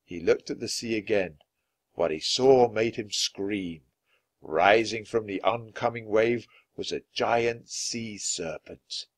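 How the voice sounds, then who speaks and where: A man reading a children's adventure book aloud, expressive and dramatic. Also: lowish voice, slow. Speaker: storyteller.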